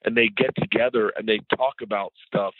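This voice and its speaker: Man, middle-aged, comedian guest, rambling animated storyteller, lowish voice, phone-like tinny sound. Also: fairly quick, dry recording. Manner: rambling, animated storyteller who mimics others in conversation. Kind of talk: casual interview storytelling. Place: at home.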